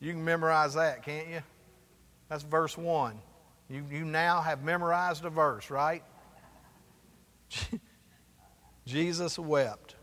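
A man's voice: on the high side, fairly even intonation, takes it slowly, pauses often, fairly bright tone, big-room sound. A man, the pastor, preaching a sermon and asking the congregation for responses as he goes. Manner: preaching with call-and-response asides.

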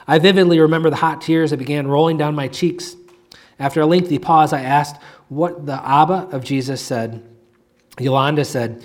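A man preaching a sermon, reading a moving story aloud. His delivery is measured, and he slows and drops to a hush on the key phrases. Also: fairly high pitch. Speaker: pastor.

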